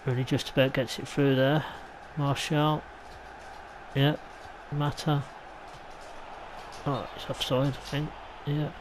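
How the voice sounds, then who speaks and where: This gaming YouTuber from England talks slowly and flatly, pausing often, while he casually narrates his football video game session and wanders into side remarks. He has a mid-range male voice. There's slight hiss or hum on a low-quality recording.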